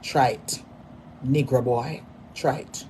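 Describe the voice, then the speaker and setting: A Jamaican woman delivering a mocking, repetitive rant at a rival, hurling insults in sudden loud bursts. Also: extremely low pitch, steady tone, takes it slowly, a little hiss or hum. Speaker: social media personality.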